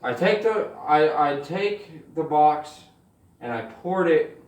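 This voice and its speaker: A man telling stand-up stories in an animated, swearing style, acting out the people in them. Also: fairly high pitch, takes it slowly, echoey room, far from the mic. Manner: animated, swears freely, acts out voices. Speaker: stand-up comedian. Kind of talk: stand-up storytelling.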